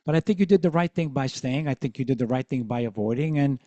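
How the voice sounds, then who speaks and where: A man's voice: medium pitch, fast talker, dark tone, no room sound, highs cut off. A middle-aged man hosting a podcast, talking in a frank, reassuring and reflective way. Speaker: podcast host. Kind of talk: conversational interview.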